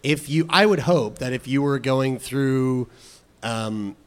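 A man's voice: medium pitch, takes it slowly. Rambling man in casual advice chat. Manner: rambling, many fillers and restarts.

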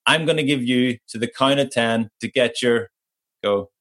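A man's voice: mid-range voice, moderate pace, a bit bright. A man, co-hosting a podcast and reading out quiz questions in a playful, laughing way. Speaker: podcast co-host, quizmaster. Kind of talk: casual quiz chat.

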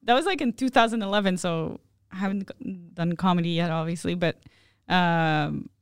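Woman, comedian guest, smooth clear voice, relaxed casual talk, dry close mic. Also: on the low side, moderate pace, no echo. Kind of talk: casual podcast chat.

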